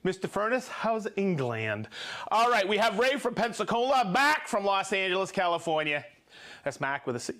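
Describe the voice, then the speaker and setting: Sing-song and high, his voice sounds pushed and bright as he runs a live show. Going through viewers' names and hometowns, he jokes, trips over hard place names, and throws in fast asides.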